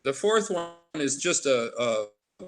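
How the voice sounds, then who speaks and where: A man in his sixties from Alaska, a guest in an interview, rambling warmly and drifting into tangents. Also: mid-range voice, very animated, slow. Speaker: artist guest. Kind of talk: casual interview conversation.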